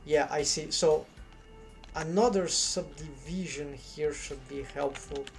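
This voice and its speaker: Man, unhurried, hesitant, thinking aloud at a desk mic, soft music under. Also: a little high, creaky. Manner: hesitant, muttering half-finished thoughts. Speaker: 3D artist streaming his work. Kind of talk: thinking aloud while modeling.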